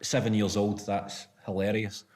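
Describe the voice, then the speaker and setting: A man's voice: lowish voice, flat delivery, moderate pace. A Scottish man chatting as a comedian guest, trading laughing, sweary banter. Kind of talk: casual comedic chat. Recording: noisy recording.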